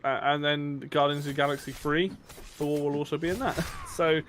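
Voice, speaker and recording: A man streams a game and chats casually in a high-leaning, fairly bright voice with fairly even intonation and a moderate pace. He rambles enthusiastically and swears now and then, with slight noise in the background.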